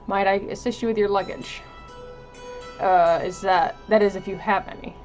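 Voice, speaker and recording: A woman's voice: medium pitch, steady tone, normal speed, a little mellow, faint music behind, natural voice. A woman voicing a folksy, overly courteous frontier town greeter who speaks with genteel, flowery politeness.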